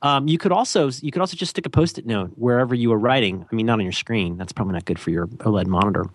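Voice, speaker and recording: A man's voice: mid-range voice, very fast, no echo, studio quality. A man co-hosting a podcast in a casual, rambling, jokey way, with self-deprecating asides. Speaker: podcast co-host.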